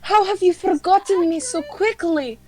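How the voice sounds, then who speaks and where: A woman voicing a theatrical scorned lover in a tabletop game, mock wounded and dramatic. The voice is high and mellow. Every line is an overdone complaint. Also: moderate pace, slight background noise. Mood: mock hurt.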